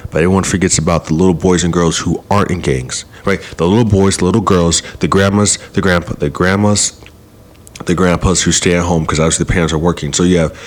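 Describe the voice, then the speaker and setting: A man's voice: deep voice, steady tone, fast. A man delivering a heated, argumentative opinion rant full of rhetorical questions. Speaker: podcast host.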